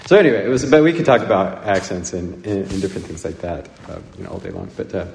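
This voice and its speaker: A man from Nebraska giving a conversational homily, rambling and halting with many restarts and fillers. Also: deep voice, vocal fry, a little mellow, slight background noise. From Nebraska, USA. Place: church. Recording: echoey church with long reverb.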